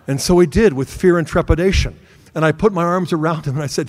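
A middle-aged man preaches to a room in an earnest, storytelling way, acting out bits of family dialogue. His voice sits a little high for a man. Long reverb from the hall trails after each phrase. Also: normal speed, darkish tone. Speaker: speaker giving a talk. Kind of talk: sermon-style talk with personal story.

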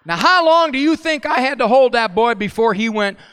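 Casual: middle-aged guy giving a talk, animated and storytelling, voice ringing around a big hall. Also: very high voice, brisk, clear, resonant tone. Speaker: speaker at a parenting talk. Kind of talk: humorous live talk. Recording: long hall reverb.

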